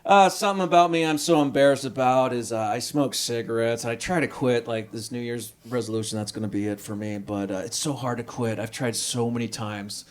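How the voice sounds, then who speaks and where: A man's voice: brisk, few pauses. A man in his thirties doing a stand-up set at a small restaurant comedy night, talking into a handheld mic. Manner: lively, jumps into high voices for quoted people.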